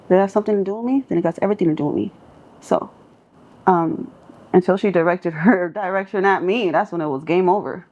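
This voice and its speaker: Talking fast in a lowish voice, this young singer from Southern California shares street tales on a podcast, swearing freely, laughing a lot, and acting out people's words with lively energy. The recording's high frequencies are cut off.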